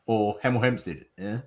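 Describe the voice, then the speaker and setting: A man co-hosting a podcast, easygoing and quick to laugh. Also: medium pitch, sharp tone. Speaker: podcast co-host. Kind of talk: casual podcast banter.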